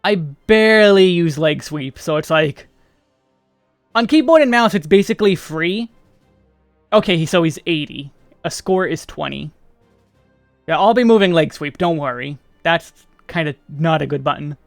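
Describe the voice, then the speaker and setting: American man streaming, high clear voice. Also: expressive, a little slow, dry recording, faint music behind. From United States. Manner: chatty, thinks aloud, trails off. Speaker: game streamer. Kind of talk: casual livestream chat while playing.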